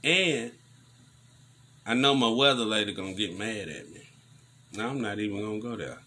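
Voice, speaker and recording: A man giving casual news commentary on a vlog, preaching in animated rants full of slang. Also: fairly low pitch, normal speed, slight background noise.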